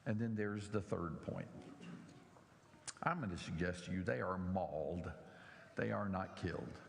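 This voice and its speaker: Man, preacher, gravelly voice, slow deliberate sermon, long hall reverb. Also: low voice, a little hiss or hum. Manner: animated, mocking voices of scoffers in the story. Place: church.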